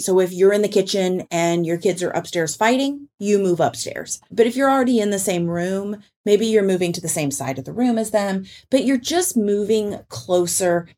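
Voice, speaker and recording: A woman hosting a parenting podcast, explaining ideas in a casual, animated way. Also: lowish voice. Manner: explanatory, animated, quotes people in put-on voices. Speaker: podcast host and parenting author.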